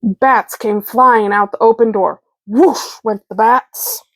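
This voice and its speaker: A woman reading a children's picture book aloud, slow, clear and expressive. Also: fairly high pitch, no echo. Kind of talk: storybook read-aloud.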